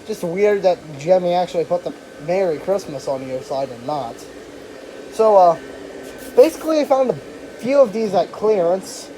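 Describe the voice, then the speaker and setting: Rambling reviewer over a loud hum. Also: medium pitch, poor audio. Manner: rambling, offhand and self-deprecating. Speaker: inflatable decoration reviewer. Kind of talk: casual spoken product review. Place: beside a parked car. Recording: steady loud background hum.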